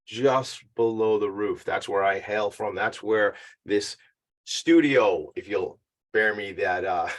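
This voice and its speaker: Man, low voice, chatty, upbeat, self-joking, podcast host, attic home studio, slightly out of breath. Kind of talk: casual talk-show intro.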